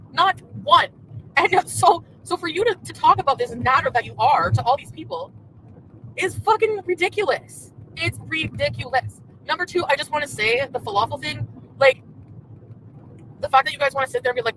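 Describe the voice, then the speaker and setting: High, lively woman ranting furiously. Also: a little fast, a little hiss or hum, rough recording. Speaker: streamer in a played clip. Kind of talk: angry rant at an ex. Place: in a moving car.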